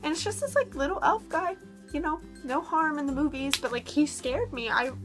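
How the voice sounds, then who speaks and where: High-voiced chatty young woman. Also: moderate pace, over music. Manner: chatty, many fillers. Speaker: vlogger. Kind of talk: casual storytelling vlog.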